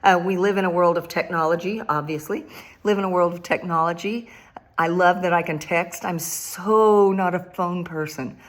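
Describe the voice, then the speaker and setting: An older woman, a grandmother and Christian speaker, gives a casual devotional talk, laughing often and repeating phrases for emphasis. Her voice is lowish and steady, at a moderate pace.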